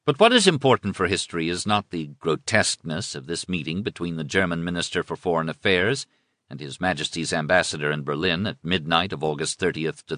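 Bright-toned, low-voiced male narrator. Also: no echo, studio quality. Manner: measured, formal reading. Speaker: audiobook narrator. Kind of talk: scripted history narration.

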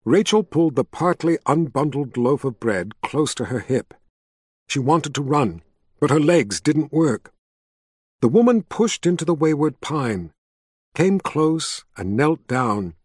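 A man narrating a story as an audiobook, with an expressive reading style. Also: on the high side, a little slow, husky, dry recording, clean studio sound. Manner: expressive, reads all the character voices himself.

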